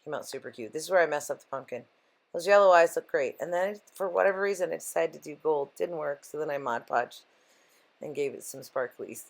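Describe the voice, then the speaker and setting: A woman with a low, gravelly voice hosts a casual crafting video. She chats in an easy, upbeat way as she shows what she made. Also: brisk. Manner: chatty and upbeat, calls her crafts cute. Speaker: craft channel host.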